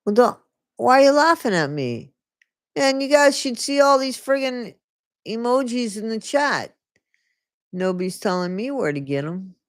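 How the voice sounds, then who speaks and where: A livestream host speaks in plain, casual commentary that is blunt and openly scornful, with frequent swearing. Asides to the live chat fill the breaks. The sound is close and dry, at a mid pitch. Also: very animated, normal speed, no echo.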